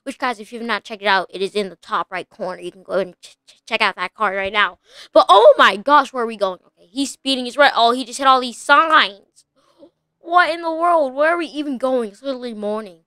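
Young female gaming host, bright high voice, excitable play-by-play commentary. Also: brisk, clear, resonant tone, dry recording, studio quality. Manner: breathless, frequent exclamations.

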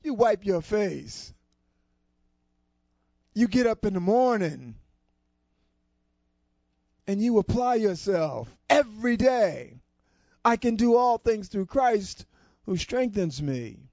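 A man's voice: sits high, sing-song, slow, long pauses, darkish tone, no echo, voice pushed up, heavily acted. A man doing a firm, churchgoing grandma. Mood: encouraging. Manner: emphatic, scolding then encouraging. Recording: dull lo-fi dry recording.

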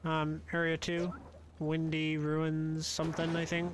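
A male streamer chatting casually while playing a game, quick to laugh and talking to his viewers. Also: fairly high pitch, monotone, noisy background. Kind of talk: casual gaming stream chat.

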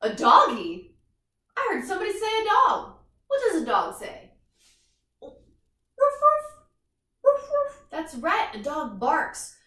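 A woman's voice: high voice, wildly swooping pitch, a little slow, pushed and bright, roomy sound, far from the mic. A woman leading a yoga class for young children, cheerful and sing-song, making animal sounds with them. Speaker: kids' yoga instructor. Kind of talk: guided kids' yoga class.

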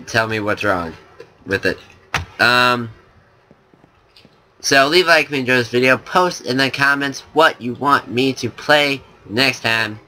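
A young man hosting a gaming channel, rambling and joking excitably in casual gameplay commentary. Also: medium pitch.

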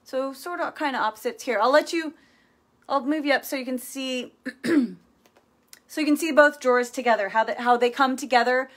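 A woman's voice: high voice, normal speed. A woman hosting a live furniture painting demonstration, chatty and playful as she talks viewers through each step.

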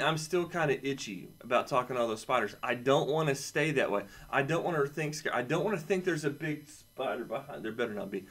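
A man's voice: mid-range voice, a bit bright. A man with a son, teaching a casual lesson to children with playful, jokey asides. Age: adult, has a son. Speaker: camp teacher for kids.

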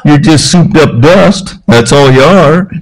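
A man's voice: a little high, lively intonation, slow, pitched above the performer's own voice, full character voice, rough recording. A man voicing an old country preacher, blunt and emphatic as he scolds his flock. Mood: scolding.

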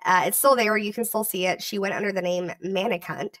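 A woman narrating a commentary video in a measured, scripted way, reading out dates and comments. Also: mid-range voice, fairly bright tone, no echo, far from the mic.

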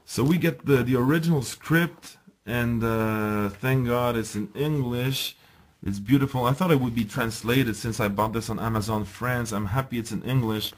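A man giving a casual, enthusiastic unboxing review, chatting to viewers and pausing with ums as he handles the items. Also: mid-range voice. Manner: enthusiastic, chatty, often addresses viewers as guys; hesitant, with ums and restarts while handling items. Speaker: video reviewer.

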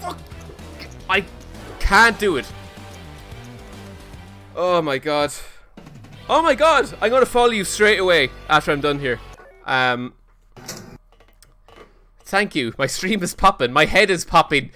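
A man streaming a video game live, reacting excitably and swearing often as he plays and talks to his chat. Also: high-pitched, takes it slowly, long pauses, soft background music. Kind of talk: casual live gameplay commentary.

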